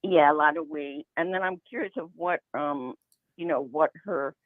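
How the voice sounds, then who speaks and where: A man's voice: fairly high pitch, moderate pace, dry recording. A man calling in to a talk show, talking in a hesitant, rambling, suspicious way. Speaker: caller. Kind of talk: phone-in call. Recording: phone line.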